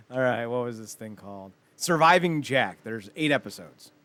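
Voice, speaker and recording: A man's voice: mid-range voice, measured pace. A man co-hosting a podcast in casual chat, telling stories with lots of swearing and laughter. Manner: profane, animated storytelling with laughter. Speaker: podcast co-host.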